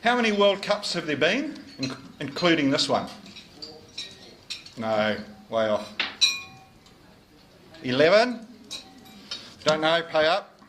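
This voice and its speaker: A man's voice: fairly high pitch, very animated, takes it slowly, long pauses, background noise. A middle-aged man, giving a jovial, teasing after-dinner speech as club sergeant at a lunch. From New Zealand. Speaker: club sergeant collecting fines. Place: dining room at a club lunch.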